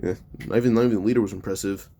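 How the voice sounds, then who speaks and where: A man's voice: fairly low pitch, steady tone, rapid-fire, dark tone. A man casually narrating a fan-made story in a loose, stumbling way, often correcting himself mid-sentence.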